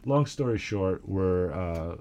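Deep-voiced man telling a story. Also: takes it slowly, lo-fi sound, noisy background. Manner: animated storyteller, swears freely. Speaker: real estate agent. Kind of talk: casual podcast chat.

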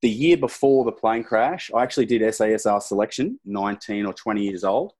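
A middle-aged Australian man with a fairly low voice recounts his past in a loose, conversational way. He rambles a little and keeps slipping in "you know" and "sort of". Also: fairly quick, darkish tone, husky. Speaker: guest, former soldier. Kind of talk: casual interview storytelling.

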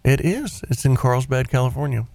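A male radio host chats casually and rambles through stories, animated in tone. His mid-range voice sits dry and close in a private studio. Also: mid-range voice, moderate pace, creaky, no echo. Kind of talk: casual talk-show chat.

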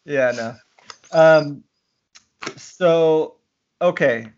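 A man's voice: fairly high pitch, very slow, a little mellow. A man co-hosting a podcast, telling a funny family story in casual chat and acting out the quotes. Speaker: podcast co-host. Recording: dull lo-fi audio with faint noise.

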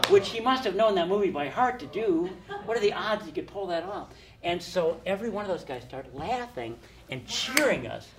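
Animated older man telling stories. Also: fairly high pitch, noisy background. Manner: animated storyteller, acts out quotes. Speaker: storyteller guest. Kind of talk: casual anecdotes.

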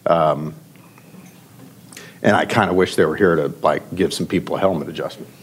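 A middle-aged man, a podcast guest, telling a personal story in a halting, emotional way with many fillers and restarts. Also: deep voice, slight background noise. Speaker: podcast guest, venture investor. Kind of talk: storytelling in conversation.

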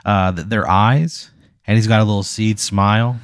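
A man's voice: lowish voice, steady tone, normal speed, clean tone. A man running a tabletop game as game master, narrating scenes in a casual, profane, vivid storytelling way.

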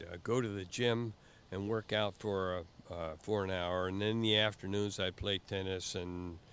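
An older man telling stories in a casual interview, halting and often repeating words as he goes. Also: low voice, a bit bright, a little hiss or hum. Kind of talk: casual storytelling.

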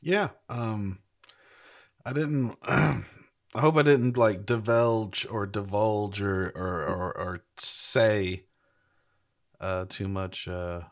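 A man's voice: on the low side, fairly even intonation, extremely slow. A man co-hosting a podcast, chatting casually, often laughing and playing around with silly voices. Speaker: podcast co-host.

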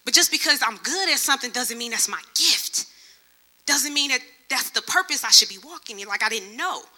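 Young woman preaching a testimony sermon, high and very bright, animated storyteller. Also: a little fast. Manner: lively storytelling, acts out other people's voices. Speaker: church speaker.

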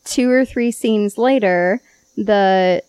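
A woman's voice: medium pitch, slow pace, a little mellow, clean tone, dry recording. Woman on a podcast, chatty, lots of ums and likes, dry sound. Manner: chatty, hesitant, many fillers. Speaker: podcast guest. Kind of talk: casual podcast chat.

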